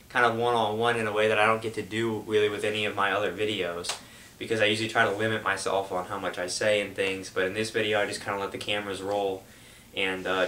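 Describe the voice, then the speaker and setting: A man's voice: on the low side, bright, forceful tone, echoey room, slight background noise. A young man hosting his gaming channel, giving a rambling, casual update full of fillers. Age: young adult. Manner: rambling, loose, lots of fillers. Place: home room.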